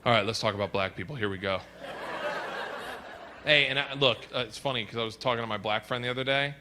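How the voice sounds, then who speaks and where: A man doing a stand-up set, telling stories loudly with shouted bits, on a noisy live stage recording. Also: mid-range voice, quick pace. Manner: loud, rowdy storytelling with shouted bits. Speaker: stand-up comedian.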